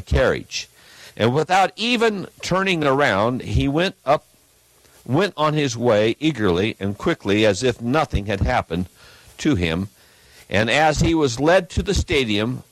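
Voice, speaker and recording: A man preaching an emphatic sermon in a church, reading a text aloud and swinging between loud peaks and low asides. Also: dry recording, low-quality recording.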